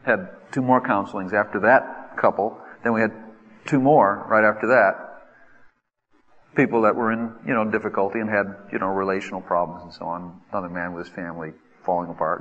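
A man preaching a sermon, acting out desperate pleas in a lively way. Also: brisk, breathy edge, lo-fi sound. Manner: animated, acts out pleas with rising pitch. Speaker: pastor. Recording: reverberant hall.

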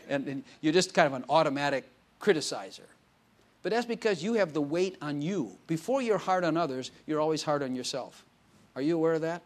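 A man's voice: a little high, lively intonation, brisk. A male pastor preaching a casual, conversational sermon, telling stories with quoted dialogue and laughing often.

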